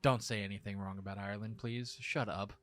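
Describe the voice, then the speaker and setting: A man hosting a casual comedy podcast, brash and excitable, cursing freely. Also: lowish voice, brisk, no room sound, faint music behind. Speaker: podcast host.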